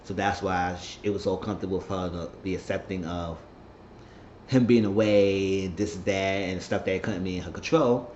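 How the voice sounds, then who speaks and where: A man's voice: sits low, steady tone, normal speed, darkish tone, a little hiss or hum. Man rambling through a show recap. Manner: rambling, loose slang with profanity. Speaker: TV episode recap host. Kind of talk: casual episode recap. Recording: roomy, slightly muffled home recording.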